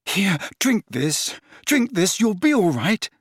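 A man's voice: high voice, sing-song, takes it slowly, a bit bright, husky, no room sound, studio quality, voice pushed up, heavily acted. A man voicing a desperate young male wizard in an audiobook, coaxing and pleading urgently in a raised voice.

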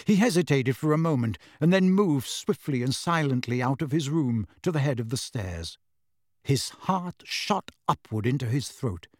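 A man narrating a storybook in a dramatic, expressive reading. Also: medium pitch, normal speed, no room sound, studio quality. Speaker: audiobook narrator.

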